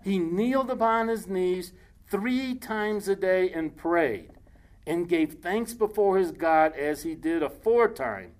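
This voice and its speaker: Folksy male preacher, slightly high voice. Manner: folksy, joking asides, reads scripture aloud slowly. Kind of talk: casual sermon with scripture reading.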